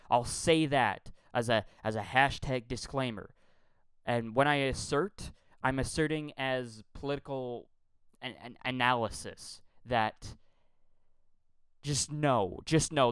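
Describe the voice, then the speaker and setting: Guy from quebec ranting about politics, swears a lot, smooth clear voice, dry close sound. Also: medium pitch, a bit bright, no room sound. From Quebec, Canada. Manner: blunt, profane, heated; repeats words when worked up. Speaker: political commentator. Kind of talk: political rant.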